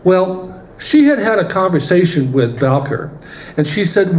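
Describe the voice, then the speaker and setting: A man telling a story from the pulpit in an animated way in a church. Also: sits high, measured pace, slight background noise. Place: church sanctuary. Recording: roomy church hall, faint ambience.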